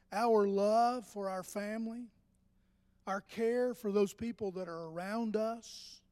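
Older preacher guy, really high voice, lots of restarts, sermon in a big echoey church. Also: darkish tone. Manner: conversational, with many restarts and rising emphatic bursts. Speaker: pastor.

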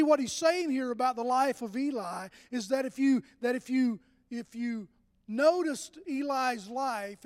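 An older man delivers a sermon in a notably high voice, speaking conversationally with frequent restarts before climbing into emphatic passages. His voice rings out with a long reverberant tail, as in a church hall. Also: darkish tone. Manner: conversational, with many restarts and rising emphatic bursts. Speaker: pastor.

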